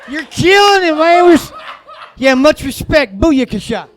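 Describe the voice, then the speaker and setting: Brash Southern booster, loud and swaggering, high and shouty; a male stand-up doing the voice. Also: expressive, a little slow, a little hiss or hum. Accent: Southern US put-on.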